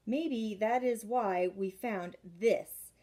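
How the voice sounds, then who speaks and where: A woman's voice: mid-range voice, warm tone. A woman reading aloud and voicing a fussy, overbearing society lady who talks in a sugary, prim way. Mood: gushing. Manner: sugary and prim, drawn-out endearments.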